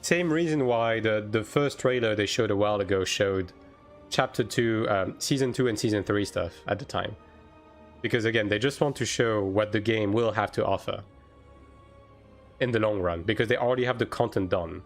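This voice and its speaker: A man chatting casually on a live game stream, answering chat with lots of fillers and quick bursts. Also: fairly low pitch, faint music behind.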